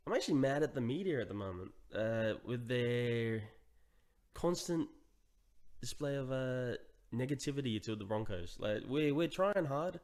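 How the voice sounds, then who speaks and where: A man co-hosting a casual sports podcast, animated and quick to laugh. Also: medium pitch. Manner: animated, laughs often, says "mate". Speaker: podcast co-host.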